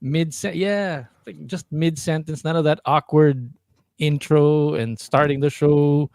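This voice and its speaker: A man's voice: on the high side, fairly even intonation, slow, vocal fry, a little mellow, no room sound, clean studio sound. A man co-hosting a casual podcast over a video call, rambling through his points with lots of restarts. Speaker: podcast co-host. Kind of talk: casual chat.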